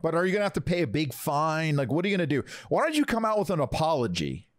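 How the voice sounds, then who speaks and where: A man's voice: fairly high pitch, big pitch swings, fast, dry recording, clean studio sound. A man co-hosting a podcast, teasing and egging on a guest. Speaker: podcast co-host. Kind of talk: joking podcast banter.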